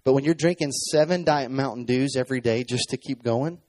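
A man's voice: mid-range voice, a little fast, darkish tone, no echo. Thirties male preacher, storytelling sermon with acted-out quotes, dry recording. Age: 30s. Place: stage.

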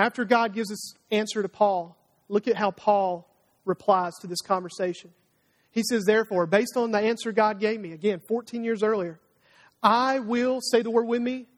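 Man preaching in a reverberant hall. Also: high voice. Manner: conversational preaching, acting out prayers and God's replies. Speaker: pastor. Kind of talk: sermon. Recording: long reverb of a large hall.

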